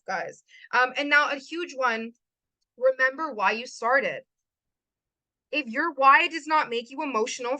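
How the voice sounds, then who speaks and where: A young woman gives an emphatic motivational talk to her live chat. Her voice is high and bright. The sound is dry and close. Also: no room sound, low-quality recording. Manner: emphatic, repeats lines for stress. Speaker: host.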